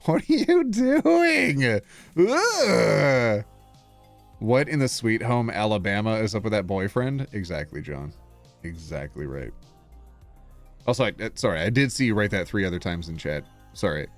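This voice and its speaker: Lively, animated male streamer. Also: on the low side, moderate pace, soft background music. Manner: animated, mock-outraged, laughs often. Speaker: streamer reading posts. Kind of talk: casual live-stream reaction reading.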